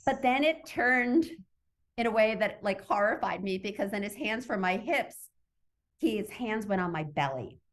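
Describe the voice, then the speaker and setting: Woman guest, animated storyteller who acts out her own thoughts, video-call interview. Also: mid-range voice, normal speed. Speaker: summit guest, author.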